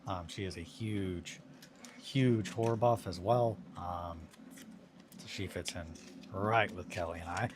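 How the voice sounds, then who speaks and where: A man's voice: sits low, unhurried. A man in his thirties hosting a hobby stream, chatting casually in a rambling, self-deprecating way while he works on miniatures. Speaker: hobby livestream host. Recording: noticeable background noise.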